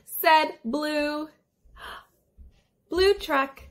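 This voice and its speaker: Slow, sing-song woman reading to toddlers. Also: high-pitched, lively intonation, fairly bright tone. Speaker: toddler speech therapist. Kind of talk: reading a picture book aloud to toddlers.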